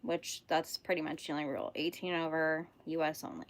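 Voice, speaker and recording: A woman's voice: low voice, level tone, fairly quick. A young woman from California with a Californian accent, hosting a casual crochet livestream, chatting bubbly with viewers and laughing often. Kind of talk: casual live-stream chat with viewers.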